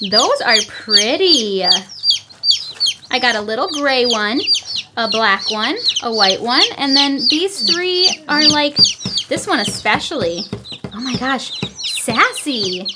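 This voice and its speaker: Young woman homestead vlogger, high and swooping, unhurried, coos baby talk, loud noisy recording. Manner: cooing baby talk to chicks. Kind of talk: casual vlog chat. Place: home, beside a chick brooder. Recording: loud background noise with chicks cheeping.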